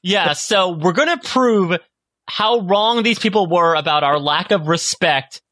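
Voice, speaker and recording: A man's voice: high-pitched, measured pace, a bit bright. A man co-hosting a podcast, chatting casually in a recap with wry, sarcastic asides. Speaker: podcast co-host.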